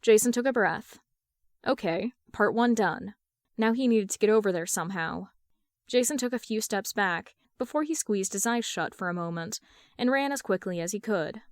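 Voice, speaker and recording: A woman narrating a fan fiction story aloud in an even, measured reading. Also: mid-range voice, no room sound, clean studio sound. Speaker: podfic reader.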